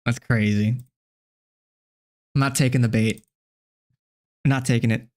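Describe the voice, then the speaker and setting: A man's voice: medium pitch, steady tone, measured pace. Exasperated, swearing male streamer. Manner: profane, exasperated ranting. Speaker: streamer host. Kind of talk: casual live-stream reaction commentary.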